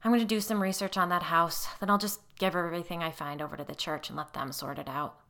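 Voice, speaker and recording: A woman's voice: fairly low pitch, steady tone, fast talker, sharp tone. A woman voicing a blunt, determined woman investigator with a firm, direct way of speaking, in a storybook reading. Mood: worried.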